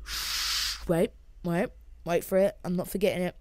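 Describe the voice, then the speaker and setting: A woman giving excitable, jokey live commentary over her own gameplay, with bursts of loud exclamations. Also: lowish voice, moderate pace, dry recording. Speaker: gaming YouTuber.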